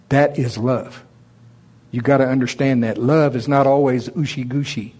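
A man preaching a sermon, reading scripture in old English between his own plain-spoken points. His voice sits in a middle pitch, and he pushes harder as he presses the message home. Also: steady tone, normal speed, darkish tone, breathy edge. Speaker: pastor.

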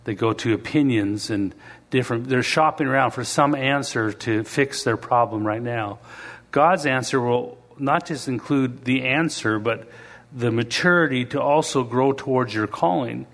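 A man preaching a sermon in a conversational way, now and then acting out quoted voices and reading scripture slowly. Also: mid-range voice, fairly bright tone. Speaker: pastor.

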